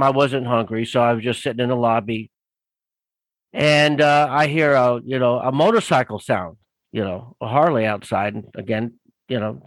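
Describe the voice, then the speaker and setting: A man's voice: medium pitch, dry recording, poor audio. A man telling a story casually as a guest author, rambling with many fillers and doing voices for the people in it.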